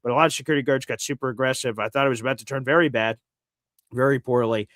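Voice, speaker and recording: A man hosting a live sports talk show tells a story in a lively, animated way, now and then leaping into high shouted quotes of himself. His voice sits at an ordinary middle pitch. The sound is close and dry, with no room around it. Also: very fast, no echo. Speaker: sports digital radio host.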